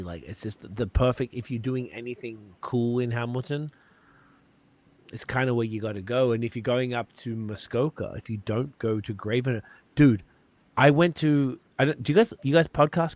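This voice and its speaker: A man's voice: medium pitch, normal speed. A man hosting a podcast, chatting casually and rambling with swearing and fillers. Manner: loose and profane, rambling with lots of fillers. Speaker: podcast host.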